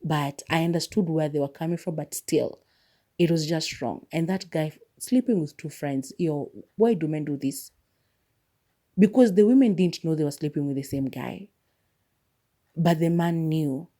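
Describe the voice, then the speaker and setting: A woman's voice: low-pitched, moderate pace, dark tone. A woman podcast host giving a casual, chatty movie review, retelling scenes with quoted lines and lots of filler words.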